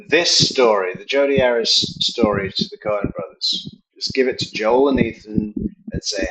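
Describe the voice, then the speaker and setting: A man rambles through opinionated true crime commentary. His voice is gravelly, and his pitch swings widely as he muses aloud. A steady noise sits under the recording. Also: a little slow. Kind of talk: casual commentary.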